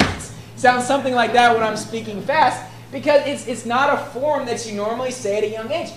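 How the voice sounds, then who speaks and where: This woman's voice is slightly high as she preaches an expository sermon, reading passages of scripture and talking through them conversationally with repeated "right?" check-ins. Slight background noise and faint ambience fill the echoey room.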